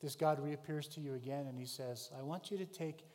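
A man's voice: on the high side, a little fast, few pauses. Storytelling preacher man in a reverberant hall. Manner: storytelling preacher, dramatic swings in loudness. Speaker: pastor. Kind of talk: sermon.

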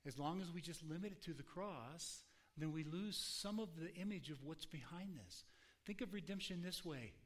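A man's voice: on the high side, lively intonation, normal speed. A man preaching a conversational teaching sermon as a pastor, sometimes acting out the voices in the story he tells.

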